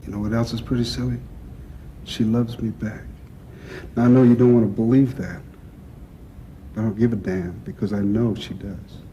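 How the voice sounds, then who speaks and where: An actor playing a gruff older male crime boss who talks bluntly, with profanity and dry teasing. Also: on the low side, steady tone, moderate pace, long pauses, dark tone, muffled recording, slight background noise, natural voice. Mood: bantering. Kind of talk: film drama acting.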